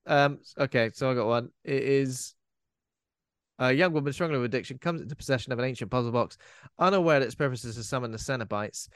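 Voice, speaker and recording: A man's voice: mid-range voice, fast, clear, resonant tone, dry recording. Dry-voiced man joking around. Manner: jokey, playful banter. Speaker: podcast co-host. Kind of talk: casual chat.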